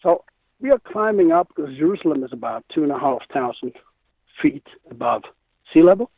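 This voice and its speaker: Male musician guest from Israel, animated storyteller, higher voice, dry tinny phone line. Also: a little fast, no room sound. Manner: animated, acts out quotes. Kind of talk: storytelling interview.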